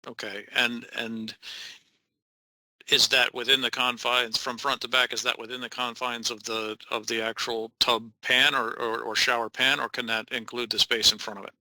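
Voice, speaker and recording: Bright voiced guy in the audience, asks detailed questions, dry sound. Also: medium pitch, flat delivery, normal speed, no echo, poor audio. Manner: probing, restarts questions. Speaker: architect asking questions.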